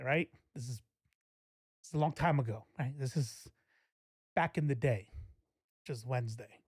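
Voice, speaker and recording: A man's voice: fairly high pitch, darkish tone, no echo. Man in his forties, streamer, loose rambling talk, dry room. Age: 40s. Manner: rambling, laughing, self-interrupting. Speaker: streamer host. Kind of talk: casual live-stream commentary.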